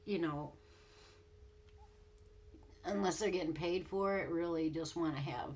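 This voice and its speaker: A young woman beauty vlogger telling a story in casual chat, laughing often and swearing bluntly while she does her makeup. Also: fairly low pitch.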